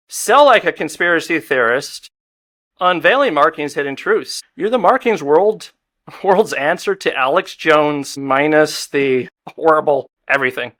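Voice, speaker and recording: A man's voice: on the high side, fairly bright tone. Wisecracking man hosting a comedy game show. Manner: wisecracking, reads prompts aloud. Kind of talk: joking podcast game show banter.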